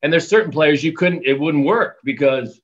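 A man who works as an arena announcer, telling stories in a casual interview with animated quoted voices and frequent laughter. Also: on the high side, normal speed, lo-fi sound. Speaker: arena public address announcer.

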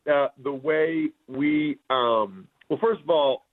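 A man calling in on a tinny, phone-like line, his voice hoarse and a touch high. He chats in an easygoing, amused way as a guest analyst. He tells long stories with relaxed humor. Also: takes it slowly. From near Philadelphia. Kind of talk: casual chat by phone.

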